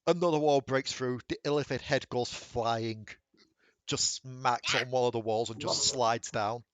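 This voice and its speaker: A man's voice: mid-range voice, a little slow, no room sound. A man narrating as dungeon master of a tabletop game, laughing easily and slipping into asides for the characters.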